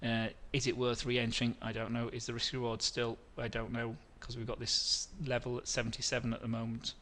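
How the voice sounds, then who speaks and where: In a live trading webinar, a middle-aged host speaks a little fast and monotone, though his mid-pitched voice is bright and forceful. He meanders through charts, starting phrases over and taking viewer questions, over a slight hiss or hum.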